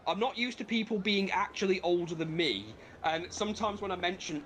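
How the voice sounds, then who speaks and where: This is a high-voiced man on a gaming stream, talking a little fast with few pauses. He's a lively storyteller who swears and laughs a lot as he plays and chats casually, and a little hiss or hum runs under the audio.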